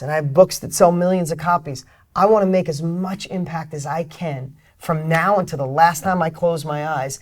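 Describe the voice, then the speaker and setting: In an interview, a middle-aged guest author and speaker with a high voice delivers energetic motivational talk. His emphatic delivery alternates between loud outbursts and quiet asides.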